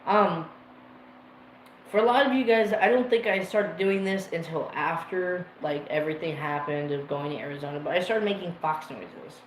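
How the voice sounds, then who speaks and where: A man's voice: on the high side, normal speed. A man hosting a livestream, telling a personal story in a rambling, emotional way and swearing freely. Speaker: livestream host. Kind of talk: casual storytelling to a live chat. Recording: roomy echo with faint ambient noise.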